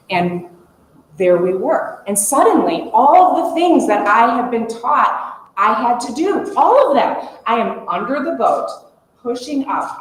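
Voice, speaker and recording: A woman in her forties telling a lively story to a conference audience, laughing as she goes. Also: medium pitch. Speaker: conference speaker. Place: conference room. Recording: echoey conference room, faint hum.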